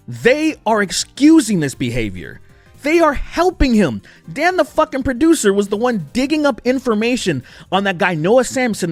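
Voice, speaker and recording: A man's voice: high voice, no room sound. Young guy ranting and cussing, voice jumps all over, dry mic with faint music behind. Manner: profane, heated, emphatic. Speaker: commentary YouTuber. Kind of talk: heated commentary rant.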